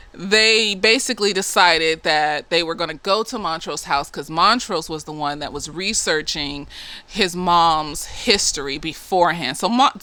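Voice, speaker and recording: A woman chats through a TV episode recap in a loose, half-tipsy way, her voice bright and edged. She swoops all over her range, cursing freely and bursting into the characters' parts. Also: on the low side. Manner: animated, profane, acts out characters' lines. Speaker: therapist reviewing a TV episode. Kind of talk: casual tipsy review chat.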